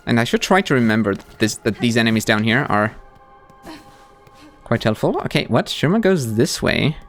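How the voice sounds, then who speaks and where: Animated man streaming gameplay. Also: medium pitch, normal speed, soft background music. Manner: animated, talks to the game characters. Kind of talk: live gameplay commentary.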